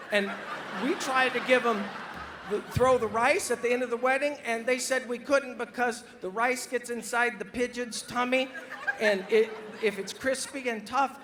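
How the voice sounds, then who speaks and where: A scatterbrained middle-aged mom fumbling through a joke, forever losing her place and drifting into tangents, as a man puts her on. The voice sits high for a man. A faint hum of room ambience lies under it. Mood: indignant. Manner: scatterbrained, digressive, loses the thread. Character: rambling middle-aged mother telling a joke. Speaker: comedian.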